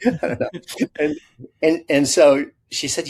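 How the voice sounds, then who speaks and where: Speaking at a middle pitch and normal speed, an older Illinois chef spins long, rambling anecdotes during an interview, frequently pausing to fix what he said. His voice is creaky, slightly rough, and a little mellow, and he performs quoted lines in livelier voices.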